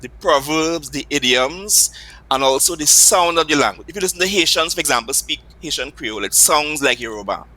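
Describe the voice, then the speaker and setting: A man's voice: a little high, expressive, brisk, bright, forceful tone, poor audio. A man with a Trinidadian accent, a Patois teacher, patiently explaining the language with examples in an interview.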